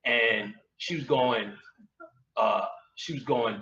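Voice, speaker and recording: In a lecture room before a live audience, a man with a mid-range voice tells crude stand-up-style comic stories at a slow pace, full of heavy profanity and slang. He laughs and shouts at his own punchlines, captured on a distant lo-fi mic in an echoey room.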